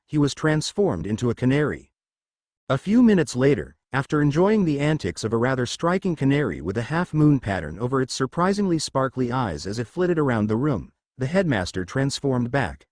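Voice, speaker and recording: A male storyteller reads fan fiction aloud with a lively, expressive delivery. His pitch rises and falls freely through the narration. The recording is close and dry, with no room sound. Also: dry recording.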